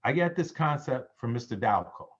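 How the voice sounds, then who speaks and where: A man giving a sales pitch on a conference call, preachy, calling his listeners family. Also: expressive, normal speed. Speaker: presenter on a business call. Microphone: conference call line. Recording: dull lo-fi call audio.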